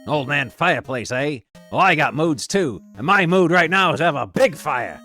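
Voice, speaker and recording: A man's voice: fairly high pitch, animated, normal speed, bright, forceful tone. A man voicing a hot-tempered, stubborn cartoon duck who blusters and brags, over faint background music. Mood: blustering. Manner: blustering, boastful.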